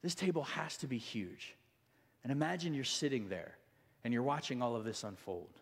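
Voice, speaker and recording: A man's voice: mid-range voice, moderate pace, vocal fry, breathy edge. A male pastor preaching a sermon, telling stories conversationally with many restarts and asides. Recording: long hall reverb.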